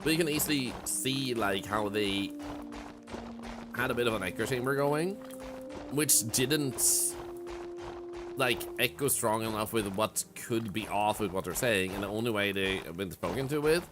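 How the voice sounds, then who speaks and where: A man's voice: fairly low pitch, moderate pace. A man streaming a game, chatting casually and reflectively with viewers, with many "like" fillers. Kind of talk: casual live-stream chat. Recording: game music under the voice. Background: game music.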